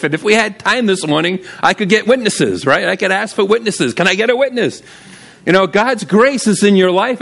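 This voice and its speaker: A male pastor preaching in a church, his voice pitched high for a man. He swoops up and down with lively energy and keeps calling out to the congregation for an amen. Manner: animated, calls for amens, sudden shouts. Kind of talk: sermon. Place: church sanctuary.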